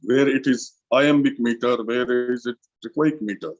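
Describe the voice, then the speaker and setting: A male college lecturer from India with an Indian English accent, slowly explaining a literature lesson and repeating key terms for emphasis. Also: medium pitch, steady tone, highs cut off.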